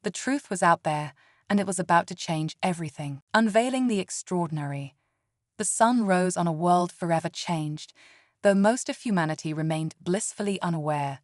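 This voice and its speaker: Brief: female story narrator, steady and even, lowish voice, very dry close sound. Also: normal speed, no room sound.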